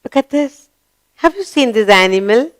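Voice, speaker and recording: A woman's voice: a little high, expressive, normal speed. A woman teaching young children a grammar lesson, asking questions and praising each answer.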